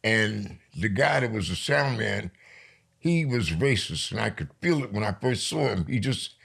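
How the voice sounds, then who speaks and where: An older man from New York, a poet being interviewed, telling stories in a lively way and slowing down for emphasis. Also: lowish voice, vocal fry, slightly rough. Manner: lively storyteller, slows down for emphasis. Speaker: poet guest. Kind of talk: storytelling interview.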